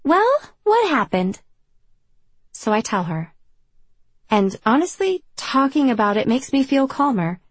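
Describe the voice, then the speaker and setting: A young woman narrating a first-person audiobook in a wry, confessional, self-deprecating way, with a husky voice. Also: a little high, animated, normal speed, dry recording.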